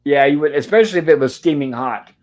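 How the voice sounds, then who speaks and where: A man's voice: fairly high pitch, quick pace, darkish tone. A man hosting a casual livestream from his bedroom, chatting and recapping scenes with lots of "of course.". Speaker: livestream host reviewing an old sitcom. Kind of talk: casual live-stream chat. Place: home bedroom.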